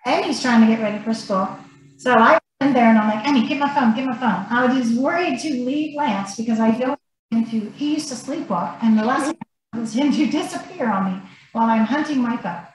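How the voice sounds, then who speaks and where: Podcast guest, woman, chatty storyteller, higher voice, heavy room echo. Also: fairly quick. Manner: animated, rambling, laughs between lines. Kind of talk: casual storytelling. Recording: very echoey room, faint noise.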